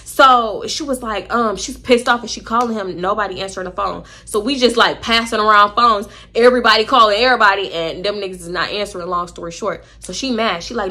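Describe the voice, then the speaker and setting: A young woman telling an animated, candid storytime vlog, slangy and profane. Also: medium pitch, fast talker. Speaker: vlogger.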